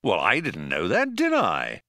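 A man's voice: fairly low pitch, wildly swooping pitch, unhurried, bright, forceful tone, dry recording, studio quality, heavily acted. A man voicing a smug galactic charmer who is breezy and evasive, with hesitant fillers.

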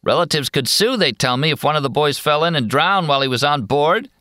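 A man reading an audiobook, voicing a jeering loafer on a dock in a high, tired voice. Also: lively intonation, a little fast, sharp tone, no echo, studio quality. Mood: taunting.

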